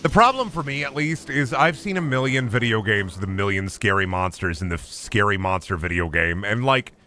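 A young man streaming a horror game live, excitable and foul-mouthed, yelping and taunting the game as he plays. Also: fairly low pitch, fairly quick, slight background noise. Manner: excitable, swears often, yelps and taunts the game. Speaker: gaming streamer. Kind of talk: live gameplay commentary.

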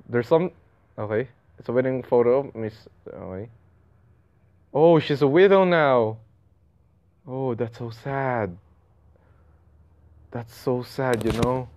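A young man commentating a horror game, reacting loudly with swearing and laughter. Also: medium pitch, dull audio. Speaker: gaming channel host.

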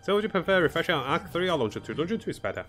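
A man's voice: a little high, sing-song, racing, a bit bright, faint music behind. A man streaming a strategy game, thinking his moves aloud, greeting viewers and chuckling often. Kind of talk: live gameplay commentary.

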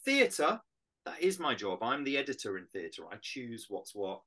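A middle-aged British man, an actor, talking through his craft in a casual interview, animated and reflective. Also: mid-range voice, moderate pace. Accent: British English. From Britain. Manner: animated, reflective, explains with images. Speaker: actor guest. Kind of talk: casual interview on a video call.

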